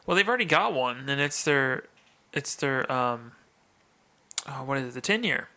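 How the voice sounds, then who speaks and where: A man's voice: medium pitch, animated, moderate pace, pushed and bright. A man co-hosting a bourbon podcast, chatting casually and enthusiastically. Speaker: podcast co-host. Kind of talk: casual chat.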